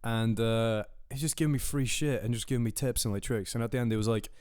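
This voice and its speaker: A man's voice: mid-range voice, fairly quick, a little mellow, clear, resonant tone, dry recording, studio quality. A young man co-hosting a podcast, telling a long travel anecdote in a rambling, casual way, acting out the people he met. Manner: rambling anecdotes with quoted voices, swearing. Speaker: podcast co-host. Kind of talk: casual storytelling chat.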